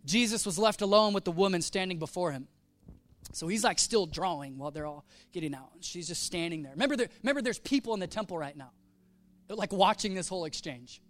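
A man's voice: high-pitched, animated, fast, fairly bright tone. A man preaching a sermon, telling a story with casual slang and acting out the quoted voices. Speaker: pastor.

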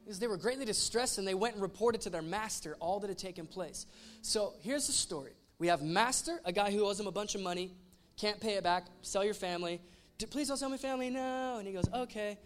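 Male pastor, high register, casual storytelling sermon, light music bed underneath. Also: fairly quick. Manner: animated storytelling with voiced asides.

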